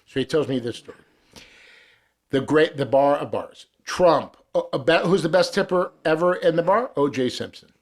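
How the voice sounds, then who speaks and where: A man's voice: fairly high pitch, moderate pace. A man in casual podcast chat, telling a long bar anecdote with profanity and acted-out quotes.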